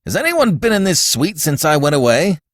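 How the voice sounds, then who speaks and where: A man's voice: lively intonation, moderate pace, no echo, clean studio sound. A man playing blustering Mister Brewster. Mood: outraged. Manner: blustering, sputtering, high-pitched outbursts. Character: irate wealthy older American father-in-law.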